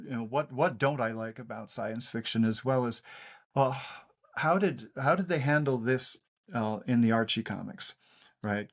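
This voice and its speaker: Telling stories during a relaxed interview, this older cartoonist guest speaks at a medium pitch. He stops and starts a lot, leaning on fillers as he goes.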